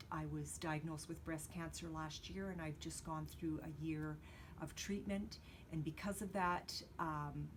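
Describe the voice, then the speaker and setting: An older woman hosting a card-making channel, talking through a craft tutorial in a gentle, earnest way with many pauses and fillers. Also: deep voice, a little hiss or hum.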